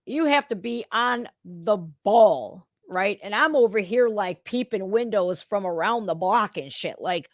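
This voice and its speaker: A woman's voice: medium pitch, expressive, measured pace, hardly any pauses, no echo, studio quality. A woman hosting a reaction channel, giving blunt, profane, casual commentary straight to her viewers.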